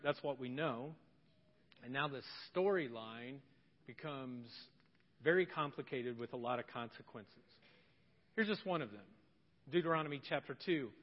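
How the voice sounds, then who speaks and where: High-voiced pastor man in a reverberant hall. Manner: humorous, animated, acts out voices of people in the story. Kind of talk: sermon. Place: church hall. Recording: muffled church hall recording with long reverb.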